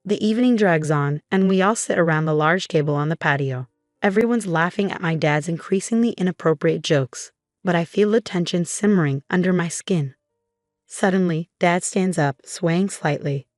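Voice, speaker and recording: Young woman reading a story, low-ish voice, dry sound, faint music under it. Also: moderate pace, dry recording. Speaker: narrator. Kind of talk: first-person story narration.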